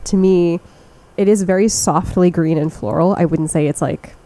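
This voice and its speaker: A woman's voice: lowish voice, moderate pace, dark tone, low-quality recording. A young woman co-hosting a casual chat, describing scents in detail and laughing often. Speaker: podcast co-host. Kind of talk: casual chat about fragrances.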